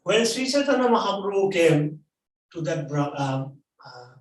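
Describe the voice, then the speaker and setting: A man preaching a sermon at a temple, telling a story in halting English and repeating phrases for emphasis. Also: high-pitched, sing-song. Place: temple hall. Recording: echoey hall, mic at a distance.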